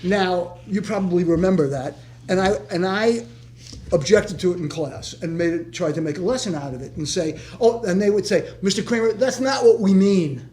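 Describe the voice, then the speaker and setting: A man's voice: high voice, normal speed, a little mellow, slight background noise. An older man, a former teacher, telling a long story with many restarts at a community discussion. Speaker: retired teacher in audience. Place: meeting room.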